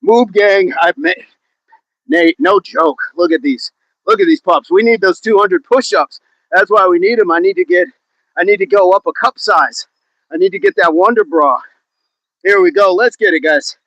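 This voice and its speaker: A man's voice: high-pitched, normal speed, fairly bright tone, no echo, lo-fi sound. A man hosting a live workout stream outdoors, counting reps aloud and joking with the chat. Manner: jokey, laughs often, counts reps aloud. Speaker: fitness livestream host.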